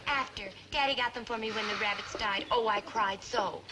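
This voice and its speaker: A woman's voice: a little high, a little fast, noisy background, close to an everyday voice. An actress playing a sweet, innocent young girl who gushes about her pets and rattles off long lists. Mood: gushing. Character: sweet innocent teen girl, chatty animal lover. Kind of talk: 1960s sitcom acting. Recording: old TV soundtrack with loud music.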